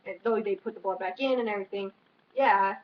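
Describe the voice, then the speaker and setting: A woman's voice: medium pitch, fairly quick. A young woman co-hosting a casual vlog chat, hesitant and trailing off with filler phrases. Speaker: vlog co-host. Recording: dull lo-fi sound with faint noise.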